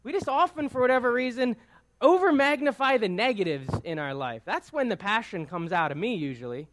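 A man's voice: extremely high pitch, lively intonation, fairly quick, a bit bright. A man preaching a conversational sermon to his congregation in church. He talks informally, poses questions to the room and keeps checking in with "right?". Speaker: pastor. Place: church sanctuary before a congregation.

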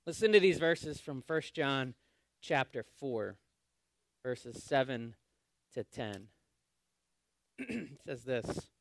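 A man preaching a sermon, often asking his congregation questions and swinging between loud and hushed. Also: mid-range voice, very animated, slow pace, creaky, long pauses, dry recording. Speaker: pastor.

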